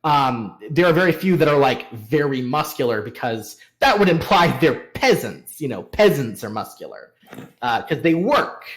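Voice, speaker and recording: A man's voice: medium pitch, sing-song, normal speed. A man acting as game master, describing the scene in a hesitant way with many fillers. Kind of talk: narrating a tabletop game.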